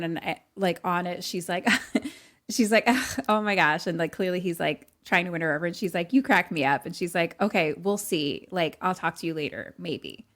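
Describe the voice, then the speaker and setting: A woman with a slightly low voice talks her way through a movie plot, leaning on fillers as she goes. She drops into quick impressions of the characters along the way. It comes across as a relaxed podcast chat. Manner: chatty, filler-heavy retelling with acted-out quotes. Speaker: podcast co-host. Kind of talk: casual chat recapping a movie.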